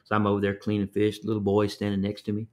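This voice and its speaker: An older Texan man, a fishing guide, tells folksy stories in a low, unhurried voice. He repeats words as he goes and acts out the voices of the people in his stories. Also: completely flat delivery, a little mellow. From Texas. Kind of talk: storytelling interview.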